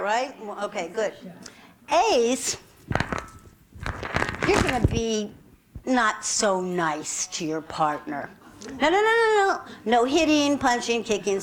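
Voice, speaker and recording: A woman's voice: high-pitched, rough recording. A woman self-defense instructor leading a group class with upbeat, directive instructions and playful asides.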